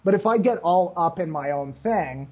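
A man's voice: high voice, animated, normal speed, breathy edge, muffled recording. A man in his late twenties on a casual podcast, ranting frankly and rambling with lots of restarts, short on sleep. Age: 20s. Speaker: podcast co-host. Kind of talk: casual rant.

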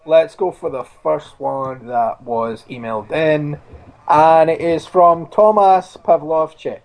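A man co-hosts a podcast in an easygoing way, his voice a little higher than most. He reads listener mail and sums things up in a relaxed, casual tone. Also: slow pace, creaky. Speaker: podcast co-host. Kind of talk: casual chat, reading listener questions.

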